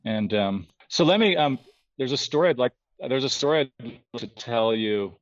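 A man telling a story on a podcast with an animated, restless delivery, often restarting his sentences. His voice sits at an ordinary middle pitch. The recording sounds a little dull and lo-fi. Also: moderate pace. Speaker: guest artist.

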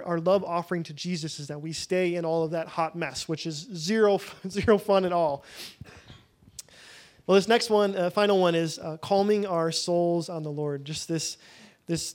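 A young man leading a prayer-room teaching, talking casually with lots of fillers, restarts and self-deprecating asides, into a podium microphone. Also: sits high. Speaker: prayer leader.

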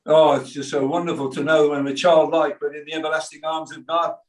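Older male pastor with a Birmingham accent, lively storytelling sermon, voice a touch high, heard from a distance in a roomy hall. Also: brisk. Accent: Birmingham English. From England. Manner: animated storytelling with quoted voices and asides. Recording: echoey room from far off.

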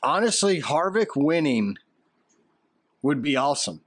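A man with a Southern US accent co-hosts a podcast in a casual, opinionated, joking way. His voice sits a little high. The sound is dry and close to the mic, with no room around it. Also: sing-song, unhurried, dry recording. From American South. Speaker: podcast co-host. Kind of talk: casual chat.

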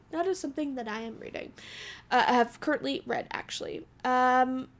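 Young woman, high voice, bubbly casual podcast chat, from Alberta, laughs a lot. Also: moderate pace. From Alberta, Canada. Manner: bubbly, chatty, laughs often. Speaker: podcast co-host.

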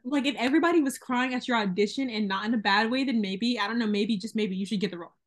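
A woman's voice: on the high side, fast. A young woman hosting a podcast, talking in an emphatic, wry casual chat. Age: young adult. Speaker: podcast host.

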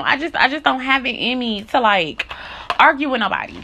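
Woman ranting to camera, cussing a lot, repeats herself, bright edgy voice. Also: fairly high pitch, expressive, moderate pace, slight background noise. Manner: profane, blunt and repetitive. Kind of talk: candid monologue.

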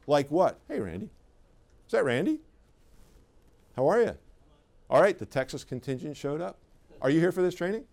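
A middle-aged man leads a live sales training, his voice a touch higher than most men's. He talks in an easy, conversational way but leans hard on his key points, often turning to the audience with questions. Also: lively intonation, moderate pace, long pauses, a little mellow. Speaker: sales trainer for clinic owners. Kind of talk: live seminar talk to an audience.

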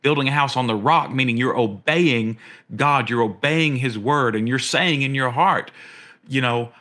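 Male pastor, middle-aged, earnest sermon, repeats himself, questions rise high. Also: normal speed, bright, forceful tone. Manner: earnest, repeats words, rises in pitch on questions.

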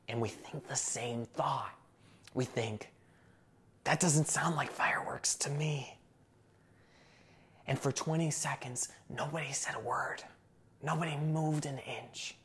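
A man, a pastor, preaching a sermon with earnest storytelling that drops to hushed tones for drama. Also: mid-range voice.

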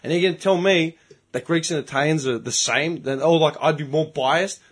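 A man's voice: fairly high pitch, moderate pace. An Australian man telling a story in a casual podcast chat, heated and full of swearing. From Melbourne, Australia. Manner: profane, heated storytelling rant. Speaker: podcast host.

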